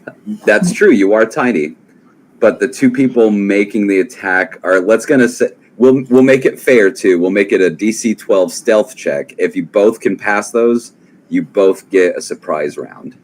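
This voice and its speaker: A man runs a tabletop game, calmly setting scenes and calling for rolls. His voice sits fairly low, and he talks in an easygoing, reassuring way. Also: unhurried. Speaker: game master.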